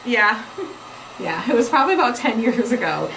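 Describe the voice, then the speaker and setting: A woman's voice: on the high side, big pitch swings, moderate pace, gravelly, fairly bright tone. A woman hosting a casual crafting livestream, a chatty storyteller who laughs often. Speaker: craft show host. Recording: distant mic with faint noise.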